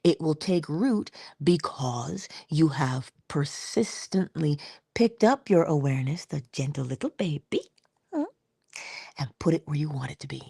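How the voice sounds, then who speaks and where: A middle-aged woman giving an inspirational spiritual talk in a conversational, expressive way, slipping into little acted-out quotes. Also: low-pitched, unhurried, vocal fry, husky, no echo, clean studio sound. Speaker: inspirational speaker.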